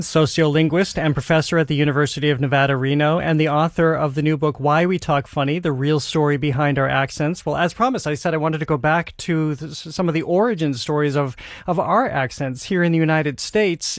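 Male interview host, slightly high voice, dry studio sound, conversational with restarts. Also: no room sound. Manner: conversational, stumbling restarts when asking questions. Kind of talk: radio interview.

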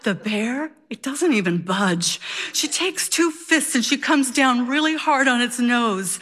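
A woman storyteller draws out a personal story with slow, dramatic pauses. Her voice sits fairly high, and a long hall reverb trails behind her words. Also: lively intonation, fairly bright tone.

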